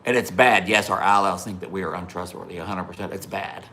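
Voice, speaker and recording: A low-voiced man talks fast, with slight background noise behind him. He's hosting a livestream, swearing and laughing his way through casual stories for his chat and greeting viewers by name in between.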